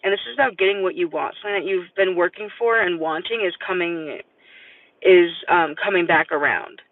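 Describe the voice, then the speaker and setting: A man's voice: high-pitched, fairly quick, no room sound. A man giving a live-stream tarot reading, rambling and hesitant with many fillers. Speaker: tarot reader. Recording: distant, tinny phone-like sound.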